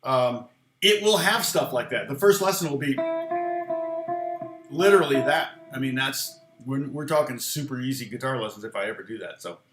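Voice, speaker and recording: An American man talks through a relaxed guitar lesson from his home studio. He rambles and stops often to answer viewers' comments. The room sounds echoey, with some guitar in the background. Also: mid-range voice, normal speed. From United States. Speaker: guitar teacher. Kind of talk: casual livestream guitar lesson.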